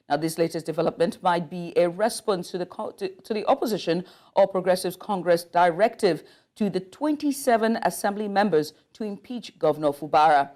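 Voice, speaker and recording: A Nigerian woman with a fairly low, darkish voice anchors a news bulletin. She reads the stories and then interviews a guest, making small slips and restarting now and then.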